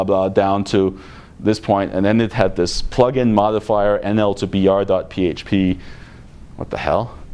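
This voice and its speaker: Low-pitched man at a conference talk, blunt and exasperated, with sarcastic asides. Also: a little mellow. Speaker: conference speaker. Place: conference room.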